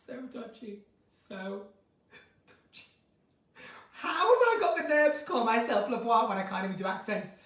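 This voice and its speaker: A woman's voice: on the high side, lively intonation, moderate pace, pauses often, distant mic. A woman with a West Midlands accent hosting a casual live chat, chatty and self-mocking. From Dudley, England. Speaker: live-stream host. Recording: echoey room, voice off-mic.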